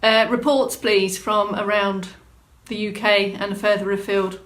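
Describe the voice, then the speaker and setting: A woman's voice: mid-range voice, steady tone, unhurried, a bit bright. A woman exercise instructor hosting a live-streamed movement class, chatting through viewer comments and giving encouraging prompts. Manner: encouraging, gives clear prompts.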